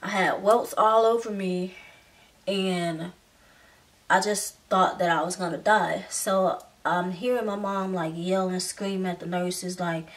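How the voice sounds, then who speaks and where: A woman's voice: fairly low pitch, fairly even intonation, takes it slowly. A young woman telling a personal story in a casual, chatty way, with many filler words. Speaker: vlogger. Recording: slightly distant mic.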